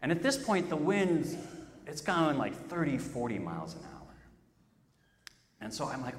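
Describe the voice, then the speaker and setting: Brief: male pastor, sermon storyteller, lively and self-deprecating, reverberant church hall. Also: medium pitch, normal speed, pauses often, slight background noise. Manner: storytelling, self-mocking, emphatic.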